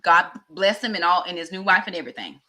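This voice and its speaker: A middle-aged woman vlogger telling a personal story in a chatty, animated way. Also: on the low side, fast talker. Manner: chatty, animated, acts out dialogue.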